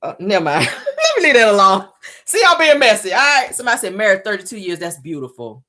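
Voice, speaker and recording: A woman hosts a casual live chat, sassy and blunt as she talks straight to her viewers. Her voice jumps up in pitch for emphasis, then drops low again, at an average pitch for a woman. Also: huge pitch swings, fast, bright, forceful tone. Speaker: livestream host.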